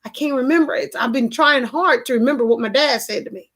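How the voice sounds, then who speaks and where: A woman's voice: fairly high pitch, quick pace, fairly bright tone. A woman hosting a live stream from home, telling a personal story to her viewers and reading their comments in an earnest, repetitive way. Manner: earnest, repetitive, restarts often.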